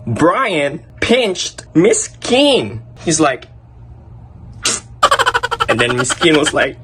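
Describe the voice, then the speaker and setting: A young man tells school stories in a husky voice, swooping up and down with energy. He is loose and profane, his words spilling out between bursts of laughter. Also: on the high side, pushed and bright. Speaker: vlogger. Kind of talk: casual storytelling.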